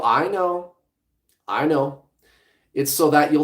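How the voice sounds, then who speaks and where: A man's voice: fairly high pitch, lively intonation, slow pace, pauses often, echoey room. A man hosting a livestream as a relationship coach, speaking bluntly and casually, with some swearing, straight to his viewers.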